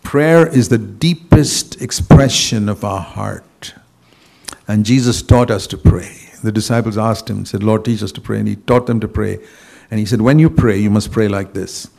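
Older guy preaching, gravelly, chatty then suddenly punchy. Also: fairly low pitch, moderate pace, a little mellow. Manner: conversational preaching with bursts of emphasis and chuckles. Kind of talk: sermon.

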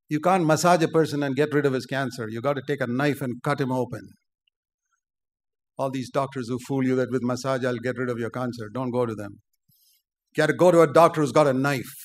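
An older man preaching a sermon, forceful and emphatic, rising to loud outbursts. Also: medium pitch.

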